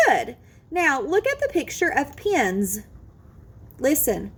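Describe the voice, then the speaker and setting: Slow, sing-song kindergarten teacher woman. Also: sits high, big pitch swings, husky. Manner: drawn-out, exaggerated sounding out of words, sing-song encouragement. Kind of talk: slow, careful phonics lesson for young children.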